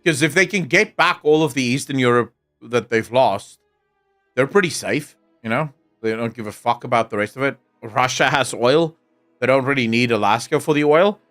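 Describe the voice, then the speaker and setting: A man's voice: medium pitch, normal speed, fairly bright tone, faint music behind. A young man with a South African accent, chatting casually and crudely on a live stream, joking and swearing as he reacts to chat. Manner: sardonic, joking, frequent laughter and swearing.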